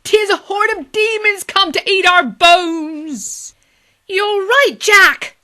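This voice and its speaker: A woman's voice: extremely high pitch, slow pace, sharp tone, pitched above the performer's own voice, heavily acted. A woman voicing frightened drunk men who shriek in panic. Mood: panicked.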